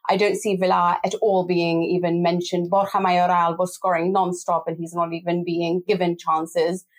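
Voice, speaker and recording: A woman hosting a football podcast discussion, talking fast and sounding exasperated, with frequent laughs. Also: on the low side, flat delivery.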